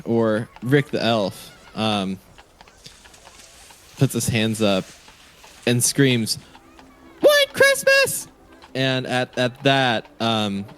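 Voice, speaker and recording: Slow, halting male game master. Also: fairly low pitch, slight background noise. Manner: halting, many ums. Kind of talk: narrating a tabletop game.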